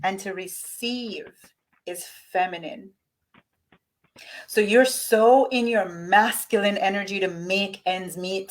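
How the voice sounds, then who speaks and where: A woman hosts a live money-mindset coaching session and talks straight to her audience. Her voice sits in an ordinary mid range. Her delivery is enthusiastic and motivational. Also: mid-range voice.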